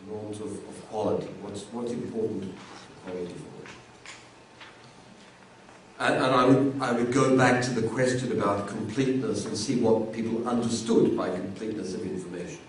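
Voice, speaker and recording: A man's voice: on the low side, normal speed, recorded from a distance, slight background noise. Man lecturing in an echoey room. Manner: conversational, repeats words while thinking. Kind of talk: university lecture.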